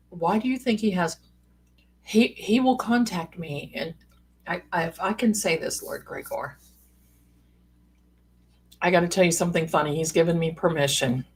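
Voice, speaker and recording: A woman chatting on her live stream in a husky, slightly breathy voice, taking her time. She rambles through stories with playful asides and calls her viewers pet names. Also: lowish voice. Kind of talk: casual live-stream chat.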